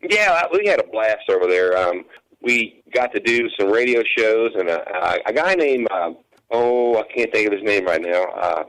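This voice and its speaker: A man's voice: lowish voice, lively intonation, moderate pace, fairly bright tone, clean tone, rough recording. A man, a country musician and hay farmer, talking in a radio interview in an easygoing, rambling way. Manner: easygoing, rambling, many restarts.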